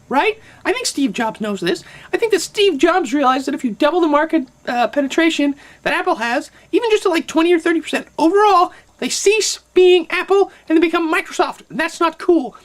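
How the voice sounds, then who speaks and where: A woman rants on camera in a high voice, sarcastic and animated. She riffs through an opinionated commentary, slipping into mocking asides. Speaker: vlogger.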